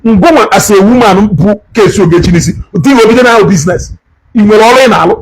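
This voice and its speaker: A man giving heated, animated commentary, switching languages and repeating phrases for emphasis. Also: high-pitched, brisk, slight background noise, low-quality recording. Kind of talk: heated social media commentary.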